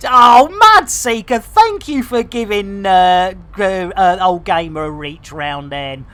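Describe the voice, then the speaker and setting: A man's voice: high voice, animated, slow pace, fairly bright tone. A man chatting through a live game stream, joking with innuendo and giving mock public announcements. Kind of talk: live gameplay stream chat.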